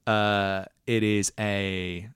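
A man's voice: on the low side, little pitch movement, very slow, a bit bright, clean tone, no room sound, studio quality. A man narrating as game master, musing and hesitant, restarting his phrases and laughing often. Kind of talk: narrating a tabletop role-playing game.

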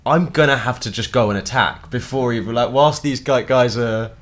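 A man's voice: mid-range voice, normal speed. A man joking as a player in a tabletop game. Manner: joking, animated.

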